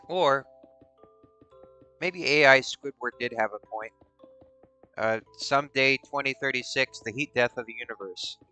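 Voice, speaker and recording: A man's voice: mid-range voice, sharp tone, smooth. A man hosting a stream in casual, rambling chat, musing aloud in a playful way. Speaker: streamer host.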